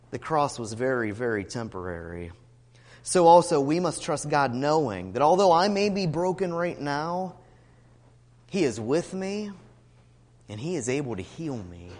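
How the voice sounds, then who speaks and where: A man preaching a sermon, expressive, rising to emphatic cries when he quotes scripture. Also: on the high side, big-room sound. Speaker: pastor.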